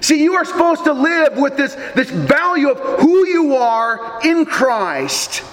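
A male pastor delivering a sermon, telling a story in an animated, deliberate manner. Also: very high-pitched, roomy sound, big-room sound, a little hiss or hum.

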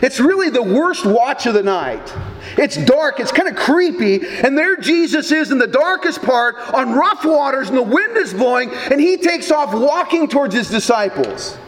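A man's voice: extremely high pitch, very animated, normal speed, a bit bright. A man preaching a sermon in a conversational, folksy way with casual asides. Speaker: pastor. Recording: long hall reverb, faint background noise.

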